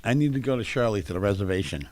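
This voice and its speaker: A man's voice: on the low side, expressive, very fast, a little mellow, slight background noise. A man co-hosting a live stream, chatting casually and teasing. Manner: joking, teasing, does mock impressions. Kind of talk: casual chat.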